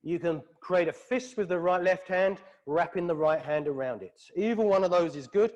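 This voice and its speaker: British guy with a high voice, calm steady yoga cues, studio class. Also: normal speed, lo-fi sound. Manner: calm, steady breath-paced instructions. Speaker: yoga instructor.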